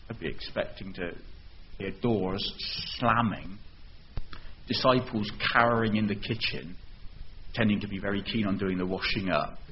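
Man preaching, lowish voice, dramatic and questioning, dull recording with faint hiss. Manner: expressive, dramatic storytelling with rhetorical questions. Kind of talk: sermon.

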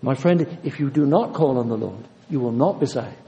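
Earnest preacher in a hall. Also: male voice, mid-range voice, lively intonation, moderate pace, creaky, mellow, lo-fi sound, a little hiss or hum. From Yorkshire, England. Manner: earnest, insistent, repeating phrases for emphasis. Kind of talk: sermon. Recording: long reverb of a large hall.

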